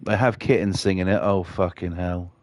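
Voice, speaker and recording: A man's voice: low-pitched, fairly even intonation, moderate pace, a little mellow, no echo. A British man chatting casually on his live stream, rambling and swearing a lot.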